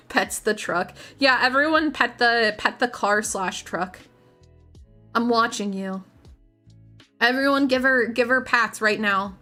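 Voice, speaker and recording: A woman's voice: fairly high pitch, unhurried, sharp tone, faint music behind. A woman streamer chatting casually to her viewers while painting miniatures, rambling, giggling and often restarting her sentences.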